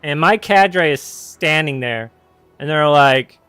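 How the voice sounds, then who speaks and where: A man's voice: a little high, slow, sharp tone, smooth, no echo, faint music behind. A man casually telling a personal story on his podcast, rambling and correcting himself with wry candor.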